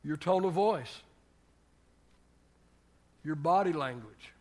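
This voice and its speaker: A man's voice: on the high side, animated, slow pace, darkish tone. An older man preaching a sermon on marriage as pastor, telling folksy family stories and building to emphatic exhortation.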